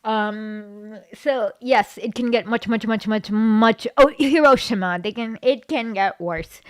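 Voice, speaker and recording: Blunt sarcastic woman, fairly high voice. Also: takes it slowly, dry recording, clean studio sound. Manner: blunt and sarcastic, with many fillers. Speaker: commentary host. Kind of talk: casual reaction commentary.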